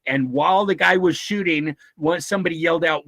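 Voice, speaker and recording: A man from a nonprofit, giving an informal talk and answering questions in an animated way, with chuckles, restarts and acted-out quotes. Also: on the high side, fairly quick, vocal fry, few pauses, no room sound, low-quality recording. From United States. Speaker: guest speaker from a nonprofit.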